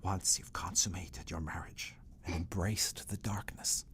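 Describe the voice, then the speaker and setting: A man voicing a pallid young male vampire thrall, courtly and sinister, who speaks low and hushed, sometimes in a whisper. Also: measured pace, a crowd in the background. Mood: whispered menace.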